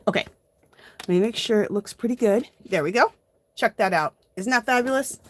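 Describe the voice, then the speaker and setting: A woman's voice: medium pitch, animated, moderate pace, slight background noise. A woman hosting a casual live art journaling tutorial, chatting to viewers as she works. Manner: chatty, addresses viewers as "you guys".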